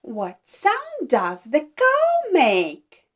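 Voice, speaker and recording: A woman teaching babies to talk, speaking gently and slowly in single drawn-out words, with exaggerated animal sounds to copy. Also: very high-pitched, huge pitch swings. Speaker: baby speech teacher. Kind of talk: slow modelled speech for babies.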